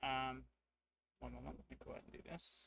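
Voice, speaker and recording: Gravelly man narrating a solo tabletop game. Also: medium pitch, flat delivery, brisk, a bit bright. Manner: rambling, thinks aloud to chat. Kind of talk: casual solo role-play narration.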